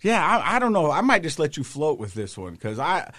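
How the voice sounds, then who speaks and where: A man with a fairly high voice co-hosts a casual talk show, energetically telling a story and acting out its characters as an animated storyteller. He speaks briskly, and the sound is clean studio audio with no echo.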